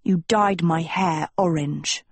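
A woman voicing a gruff, sullen teenage girl who answers bluntly. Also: fairly low pitch, slow, dry recording, exaggerated voice. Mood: grumpy. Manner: blunt and grumpy.

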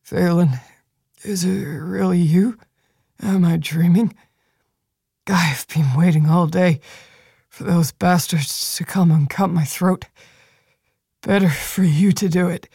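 Woman voicing wounded young man, croaking dry voice, weary, hopeless, audiobook character. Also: on the low side, slow, long pauses, warm tone, no echo, full character voice.

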